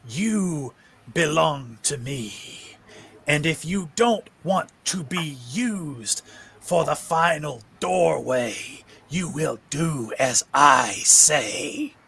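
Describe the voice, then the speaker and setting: A man voicing a sinister otherworldly male being who gives cold, commanding orders in a slow, low, partly whispered delivery. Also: expressive, creaky, fairly bright tone, husky, full character voice. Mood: menacing.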